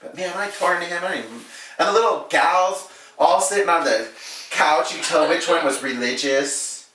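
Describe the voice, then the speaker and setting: A man's voice: a little high, normal speed, distant mic. A man, a hairdresser, telling a story in a casual, profane way and acting out the quotes, recorded in an echoey room away from the mic. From Alaska. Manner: animated, profane, acts out quotes.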